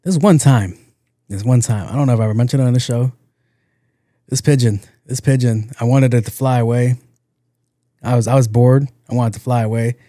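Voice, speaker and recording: A young man hosting a podcast, telling a story in a loose, animated way, acting out the people in it and laughing along. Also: medium pitch, a little fast, pauses often, no room sound, clean studio sound. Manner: animated, acts out quotes, laughs at own story. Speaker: podcast host. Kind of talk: casual comedic storytelling.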